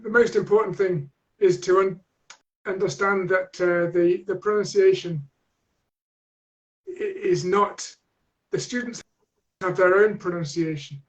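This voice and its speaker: A man with a high voice answers an interviewer slowly, stopping and restarting his sentences as he thinks. The audio is dull and lo-fi, like an online call. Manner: hesitant, with many restarts. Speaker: guest teacher trainer.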